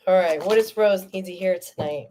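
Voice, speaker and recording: A woman giving a live tarot reading, chatty and animated, often checking in with "okay?" and "all right?", and tearful at times. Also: on the low side, brisk, slight background noise. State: tearful, emotional. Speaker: tarot reader.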